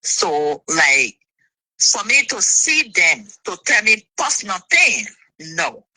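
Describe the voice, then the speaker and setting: A woman, an interview guest telling her side of a dispute in an indignant, animated way. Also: medium pitch, slow pace, no echo, low-quality recording.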